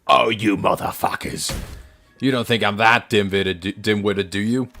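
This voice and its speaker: A man voicing a crude, brash young man with an exaggerated mock Australian accent, loud and swearing. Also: fairly low pitch, steady tone, moderate pace, vocal fry, soft background music. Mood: indignant.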